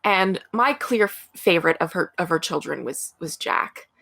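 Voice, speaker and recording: A woman's voice: lowish voice, animated, moderate pace, vocal fry, sharp tone, slightly rough, dry recording. Chatty woman podcaster, dry sound. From American Midwest. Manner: chatty, many fillers like "like" and "you know". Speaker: podcast co-host. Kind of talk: casual storytelling chat.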